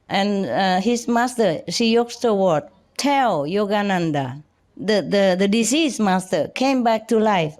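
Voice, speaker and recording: An older woman giving an informal spiritual talk in simple, halting English, chatty and often laughing. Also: medium pitch, a little mellow. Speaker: spiritual teacher.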